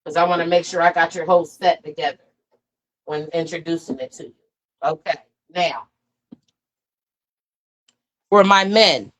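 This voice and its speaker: A woman showing off her own hair and beard care line in a casual, enthusiastic demo, with folksy talk and drawn-out oohs. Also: fairly low pitch. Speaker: product seller demonstrating her own line.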